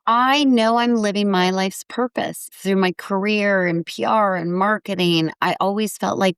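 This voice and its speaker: A woman's voice: mid-range voice, steady tone, measured pace, hardly any pauses, clean tone, dry recording, clean studio sound. A woman in her forties, a guest on a podcast interview, talking in an upbeat, earnest way. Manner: upbeat, earnest, acts out quotes brightly. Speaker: guest, foundation founder.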